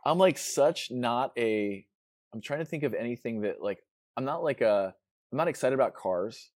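A man's voice: mid-range voice, animated, normal speed, a little mellow, dry recording, studio quality. A man hosting a casual interview, easygoing and rambling, often searching for words mid-sentence. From Chicago. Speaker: podcast host.

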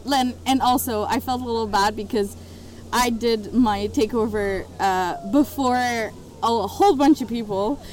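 High-voiced, slow-talking giggly woman host. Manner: giggly, asks relaxed questions. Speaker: podcast host. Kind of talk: casual interview.

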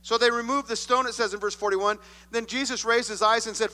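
A man preaching a sermon, reading scripture and acting out the voices he quotes with expressive shifts. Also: sits high, quick pace. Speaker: pastor. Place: church sanctuary. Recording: long hall reverb.

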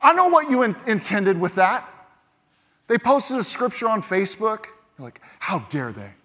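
A higher-pitched man preaches from the pulpit, leaning hard into key words and then dropping to a hush. His voice rings out through the long reverb of a large church hall. Each point lands with insistent emphasis. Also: lively intonation, moderate pace. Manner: emphatic, swings between loud punches and quiet drops. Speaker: pastor. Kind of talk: sermon.

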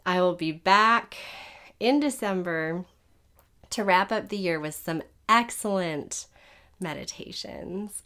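A woman with a somewhat low voice speaks casually as a podcast host, her voice scratchy and worn. She chats warmly to her listeners with frequent "like" and "um" fillers. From United States. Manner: warm-hearted and chatty, with fillers like "like" and "um". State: scratchy, strained voice.

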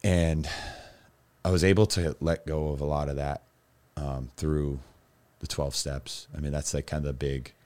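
A man with an extremely low, rumbling voice appears as a guest and candidly tells stories about his own life, speaking a little slowly. He rambles with frequent fillers and self-corrections but becomes lively and animated when recounting funny moments.

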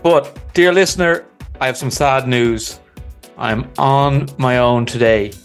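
A man's voice: medium pitch, slow pace, smooth, soft background music. A man hosting a comedy podcast in a playful, mock-earnest manner, teasing his guest. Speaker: podcast host.

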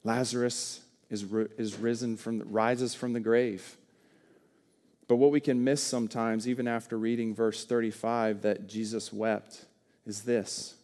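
A man preaching a sermon, earnest and shifting between loud and soft for emphasis. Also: on the low side, little pitch movement, measured pace. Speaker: pastor.

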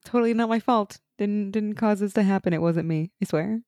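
A young woman co-hosting a casual TV recap chat, animated and laughing as she acts out lines from the show. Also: medium pitch, a little fast, no room sound, studio quality. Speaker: podcast co-host.

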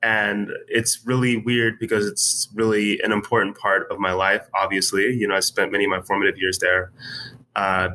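A man talking as a guest in a casual interview, telling a story in a relaxed way with many fillers. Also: fairly low pitch, slight background noise, poor audio. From United States. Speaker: writer, podcast guest.

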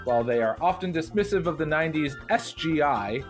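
Lively, animated male podcast co-host. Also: on the high side, brisk, soft background music. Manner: jokey, reads listener reviews aloud with mock accents. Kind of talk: casual podcast chat.

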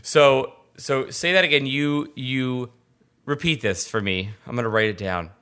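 Male podcast host, bright forceful voice, talkative and animated, studio mic. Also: mid-range voice, measured pace, smooth. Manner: chatty, animated, rambling asides. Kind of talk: casual interview chat.

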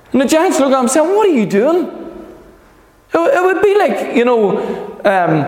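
Rambling preacher. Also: male voice, high-pitched. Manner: rambling, heavy on fillers, acts out quotes. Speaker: pastor. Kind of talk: sermon. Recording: echoey hall.

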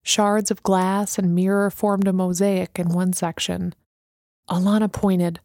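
A woman narrating an audiobook in a steady, measured reading. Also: medium pitch, no echo, studio quality.

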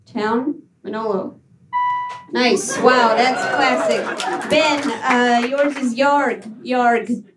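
Laughing high-voiced woman hosting live. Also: fairly even intonation. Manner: playful, laughing, drawn-out repetitions. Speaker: game show host. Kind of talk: live comedy game show hosting. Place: small live comedy venue. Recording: loud crowd noise in a live venue.

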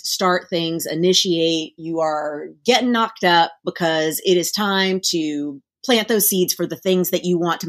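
A woman on a podcast, explaining numerology with lively, playful metaphors in casual chat. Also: lowish voice. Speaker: numerology guest.

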